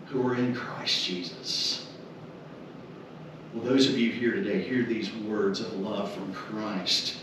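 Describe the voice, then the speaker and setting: A man's voice: fairly low pitch, slow, long pauses, a bit bright. A man officiating a memorial service, preaching a funeral sermon in an earnest way and repeating rhetorical questions. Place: funeral home chapel. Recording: echoey chapel, mic far off, room noise.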